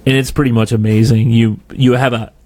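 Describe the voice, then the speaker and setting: A man's voice: mid-range voice, level tone, fairly quick, crowd noise. A man co-hosting a casual podcast, rambling through his thoughts with frequent restarts. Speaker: podcast co-host. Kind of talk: casual chat.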